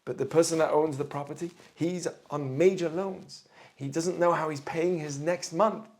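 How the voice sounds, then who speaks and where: A man's voice: a little high, steady tone, normal speed, darkish tone. A middle-aged man, a rabbi, giving an earnest Torah class and explaining with everyday examples.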